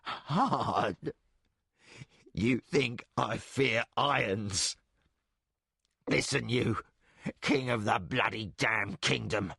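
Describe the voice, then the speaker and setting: A man voicing a terrified male thief with a hoarse voice, pleading near tears in an audiobook reading. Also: medium pitch, drawn-out words, pauses often, bright, forceful tone, no echo, studio quality, exaggerated voice. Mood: hysterical defiance.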